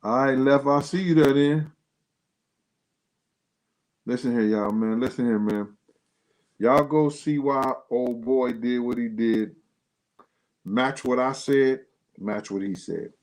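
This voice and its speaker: A man's voice: slow pace, long pauses, darkish tone, rough recording. Slangy man hosting a casual livestream. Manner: loose, slangy, talks straight to the audience; pitch jumps up sharply when worked up. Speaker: livestream host. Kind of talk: casual livestream chat to viewers.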